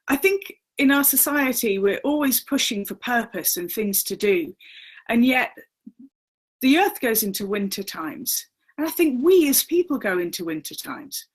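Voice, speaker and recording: A woman's voice: fairly high pitch, poor audio. A woman hosting a live advice webinar, chatty and loose, with fillers and laughs, speaking at her computer. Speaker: host and agony aunt.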